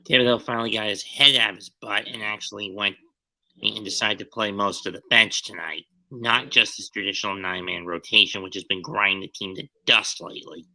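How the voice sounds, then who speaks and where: A man joins a casual fan podcast, speaking quietly and evenly while giving blunt opinions. His voice sits a little low but has a very bright, sharp edge. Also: fairly even intonation, fairly quick, rough recording. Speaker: podcast co-panelist.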